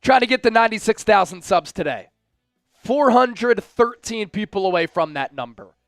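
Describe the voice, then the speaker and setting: Male fan livestream host, high gravelly voice, excitable, shouts at big plays, faint music behind. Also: moderate pace, no echo. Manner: chats directly with viewers. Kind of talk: live watch-along commentary.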